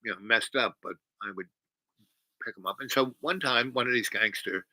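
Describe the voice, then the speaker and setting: Rambling male storyteller, very bright voice. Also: mid-range voice, moderate pace, no room sound, poor audio. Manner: meandering, full of restarts and asides. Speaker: livestream host.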